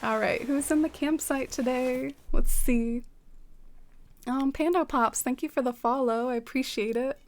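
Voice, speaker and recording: A young woman streams a game and chats casually with viewers, laughing often and filling her talk with "like" and "um." Her voice is high and her pace measured.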